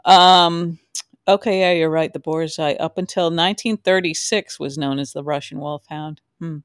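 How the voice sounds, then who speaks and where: A podcast co-host in casual chat about a soap opera, relaxed and rambling, often laughing. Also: mid-range voice, moderate pace, clean tone, dry recording, studio quality. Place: home, Maine.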